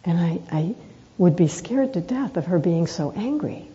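A woman meditation teacher giving a reflective dharma talk, telling personal stories in an earnest, unhurried way with rhetorical questions. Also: on the low side, expressive, dark tone, muffled recording.

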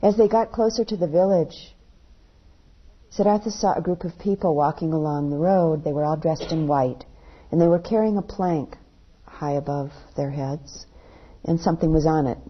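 Low husky woman telling a dharma story. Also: dull audio. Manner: unhurried storytelling, drops softly at ends of phrases. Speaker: meditation teacher.

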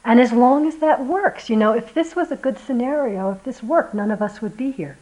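A woman teaching meditation at a retreat, giving a gentle, reflective dharma talk and sometimes acting out voices as she tells a story. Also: fairly high pitch, normal speed, rough recording.

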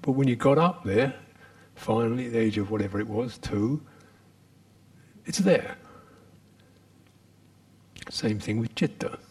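Gravelly, husky-voiced male meditation teacher. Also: medium pitch. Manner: slow, halting phrasing with many pauses; drops to a soft whisper on repeated phrases. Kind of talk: meditation retreat dharma talk.

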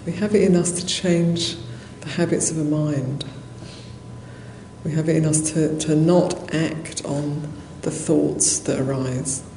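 A Buddhist nun giving a dharma talk in a monastery hall, telling a story conversationally with soft laughs and many fillers. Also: female voice, deep voice, fairly even intonation, takes it slowly. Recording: roomy hall echo, faint noise.

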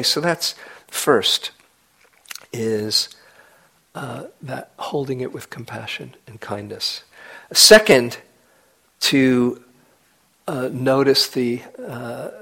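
Slow, gentle male meditation teacher. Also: mid-range voice, rough recording. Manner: gentle, unhurried, with soft whispered asides. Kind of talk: dharma talk. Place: meditation retreat hall.

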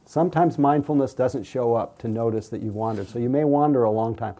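Very mellow, gentle male meditation teacher. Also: mid-range voice. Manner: gentle, unhurried, soothing. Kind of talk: mindfulness talk with questions.

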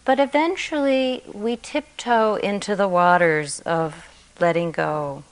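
A woman meditation teacher gives a dharma talk at an unhurried, slow pace. Her voice sits in a middle pitch, gentle and reflective, often softening at the ends of phrases. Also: low-quality recording. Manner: gentle and reflective, soft endings.

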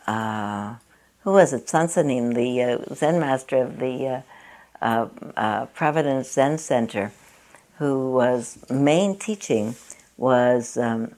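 A woman's voice: extremely low pitch, a little mellow. A woman meditation teacher giving a dharma talk at a meditation center, chatty and self-mocking, often laughing at herself.

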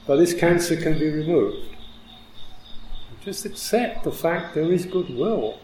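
A man who is a Buddhist monk teacher, giving a reflective dharma talk with frequent soft laughter. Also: on the high side, expressive, a little slow, echoey room, slight background noise, poor audio.

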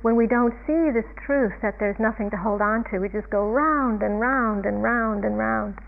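A woman giving a reflective, unhurried Buddhist dharma talk as a meditation teacher, chuckling often. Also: on the high side, creaky. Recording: tinny phone-like line.

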